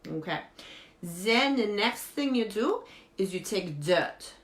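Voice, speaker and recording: A woman playing an eccentric woman who gives absurd beauty tips, talking earnestly and deadpan in broken English. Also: medium pitch, takes it slowly. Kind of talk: improvised comedy character monologue. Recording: echoey room.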